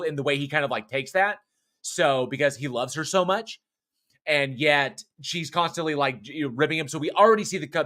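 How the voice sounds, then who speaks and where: Co-hosting a horror podcast, a man with a fairly high, bright, forceful voice rambles through a casual film review. He swears often, uses fillers, and keeps restarting his sentences.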